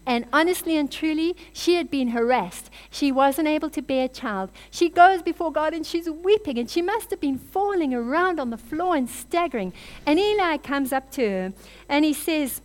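A woman delivers a sermon with a fairly high voice. She tells scripture stories in an animated way and drops in chatty asides. Her delivery mixes teaching with lively retelling. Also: moderate pace. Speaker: preacher.

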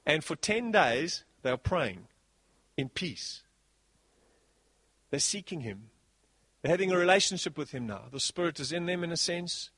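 Pastor guy preaching, kinda high voice, gets loud then soft, dry close sound. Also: moderate pace, long pauses, husky, no room sound. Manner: animated preaching, swings between soft and loud. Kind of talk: sermon.

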